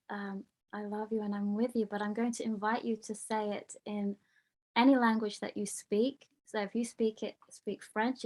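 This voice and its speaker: Woman leading a prayer, slow and soothing, bit of gravel in her voice, sounds like a video call. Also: mid-range voice, a little mellow. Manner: slow, soothing, blessing-like phrasing. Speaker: host of a group prayer call. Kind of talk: guided prayer and meditation.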